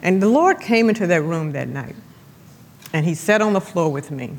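A woman's voice: on the low side, expressive. Woman testifying in a reverberant hall. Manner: emphatic, repeats phrases, slows for effect. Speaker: guest speaker giving testimony. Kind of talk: church testimony. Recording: long church-hall reverb.

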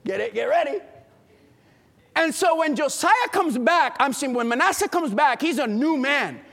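Animated high-voiced male preacher in a hall. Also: normal speed, gravelly. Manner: animated, dramatic, rhetorical questions to the congregation. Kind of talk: sermon. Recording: long hall reverb.

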